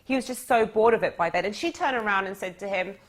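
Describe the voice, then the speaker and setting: A woman teaching as a dating coach, her voice at a middle pitch. She tells anecdotes in a lively, chatty way and speaks straight to her listeners. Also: quick pace. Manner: animated anecdotal storyteller, conversational. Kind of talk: storytelling lesson.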